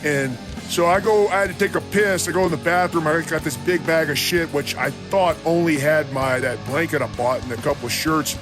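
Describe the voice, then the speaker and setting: A man's voice: fairly high pitch, a little fast, few pauses, music in the background. A man hosting a podcast, telling a rambling, profane story in blunt casual talk. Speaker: podcast host.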